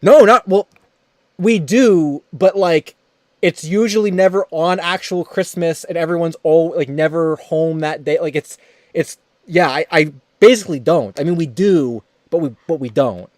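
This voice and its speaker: A young man with a slightly high voice chats on a livestream while he draws. He rambles and restarts his sentences, laughing between them, and the sound is dry and close with no room echo. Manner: rambling, halting, quick laughs. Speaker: streamer host. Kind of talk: casual livestream chat while drawing.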